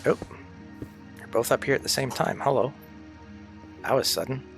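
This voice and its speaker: A man's voice: medium pitch, moderate pace. Tired, rambling man streaming with faint music. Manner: rambling, swears freely. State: tired and sick. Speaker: livestreamer. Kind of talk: casual livestream chat.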